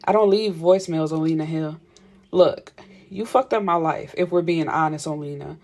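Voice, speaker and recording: A woman's voice: sits low, normal speed, darkish tone. A woman voicing a brash young man who talks in slang and curses freely. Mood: boastful. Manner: slangy, cursing, boastful.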